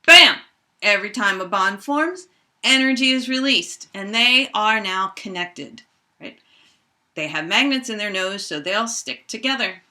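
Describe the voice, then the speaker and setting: A middle-aged woman teaching a high school chemistry lesson, playfully acting out reactions with toy bears. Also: a little slow. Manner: animated, acts out toy bears in squeaky voices. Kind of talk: playful classroom lesson with toys.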